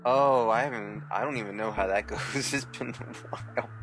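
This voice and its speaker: A man's voice: mid-range voice, normal speed, fairly bright tone, soft background music. A man appearing as a podcast guest, goofy and playful, laughing often. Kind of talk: casual podcast chat.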